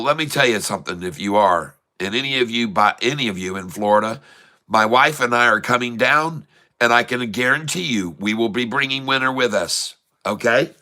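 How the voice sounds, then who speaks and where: A man hosting a casual livestream, chatting warmly and reading out where viewers are from. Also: medium pitch, clear, resonant tone. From Michigan. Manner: chatty, reads out viewers' locations. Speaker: livestream host.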